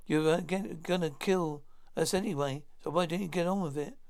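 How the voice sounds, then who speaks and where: Nervous, wheedling coward of a thief, read plainly by a man with a gravelly voice. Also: fairly high pitch, moderate pace, a little mellow, close to an everyday voice. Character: cowardly male thief pleading for his life.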